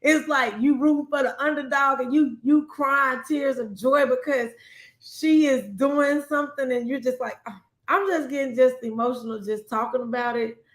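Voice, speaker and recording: High-voiced, emotional woman. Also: steady tone, moderate pace, echoey room. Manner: emotional, rambling, repeats herself. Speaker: podcast co-host. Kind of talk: casual chat.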